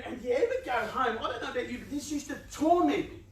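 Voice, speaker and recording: A man's voice: extremely high pitch, animated, fast talker, a little hiss or hum. A man gives a motivational talk to a live audience in a large room. He talks conversationally and playfully, laughs often, and acts out people's inner voices. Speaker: youth organisation speaker. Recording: echoey room, voice picked up from a distance.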